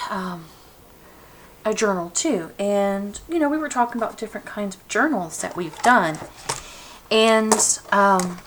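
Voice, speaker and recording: A young woman from Georgia in the USA, a craft vlogger, chats casually while working on a craft project, rambling with lots of fillers and restarts. Her voice is medium in pitch, and the low-quality recording carries a slight hiss or hum.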